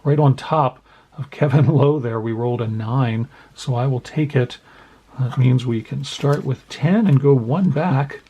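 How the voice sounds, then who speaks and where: A man's voice: mid-range voice, measured pace, dark tone, slightly rough, low-quality recording. A man hosting a card collecting channel, chatting casually and self-deprecatingly as he opens packs and reads out the cards. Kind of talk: casual pack-opening commentary.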